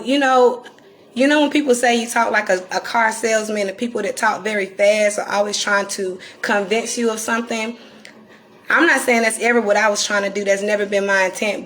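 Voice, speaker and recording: A woman from North Carolina with a Southern accent and a raspy, croaky voice, talking candidly and deliberately to viewers on a live stream. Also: mid-range voice, fairly even intonation, a bit bright. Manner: reflective and candid, slowed deliberate delivery. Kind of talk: casual live-stream talk.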